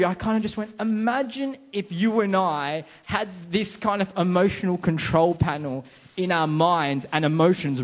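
A young man giving a casual, joking sermon to a church congregation and quizzing the crowd. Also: high voice. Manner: chatty, self-mocking, quizzes the crowd. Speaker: preacher. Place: church service before a congregation.

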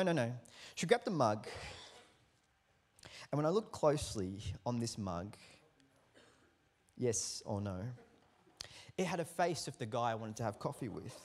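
A man, preaching a sermon as a lively storyteller who acts out the quotes in his anecdotes. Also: mid-range voice, moderate pace, pauses often. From Australia. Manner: animated storyteller acting out quotes, lively swings in loudness. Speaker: pastor.

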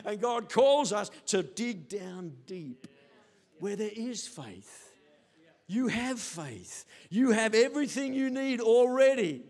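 An older man preaching a sermon as pastor, telling stories animatedly and acting out quotes. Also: high-pitched. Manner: animated storytelling with acted quotes.

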